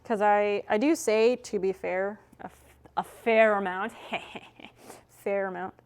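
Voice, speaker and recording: A woman's voice: mid-range voice, steady tone, takes it slowly, smooth. Casual young woman streamer chatting. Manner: chatty, casual, swears freely. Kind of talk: casual chat with chat while working.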